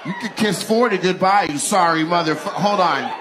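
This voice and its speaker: A man doing live stand-up crowd work, loud, profane and teasing, laughing often. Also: sits high, brisk. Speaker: stand-up comedian. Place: comedy club stage. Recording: live comedy club with crowd noise.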